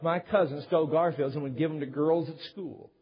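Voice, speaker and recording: A man preaching a sermon to a congregation as a pastor, telling family stories in an animated way. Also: fairly high pitch, brisk, breathy edge. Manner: animated storyteller, acts out yelling quotes. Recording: dull sound with long hall reverb.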